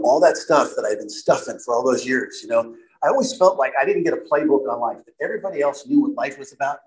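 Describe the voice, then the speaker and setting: A middle-aged man speaks candidly to a live audience about his own past. His talk rambles, full of asides and restarts, at a medium pitch for a man. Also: rough recording. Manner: candid, rambling, with frequent "you know" asides. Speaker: speaker sharing a recovery story. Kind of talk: personal testimony talk to an audience.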